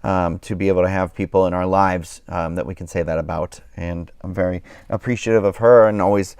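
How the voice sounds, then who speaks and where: A man's voice: deep voice, fairly even intonation, brisk, a little mellow, smooth, no room sound. A man hosting a live stream, chatting casually and rambling with lots of fillers, tired and yawning. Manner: rambling, many fillers and restarts. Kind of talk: casual chat.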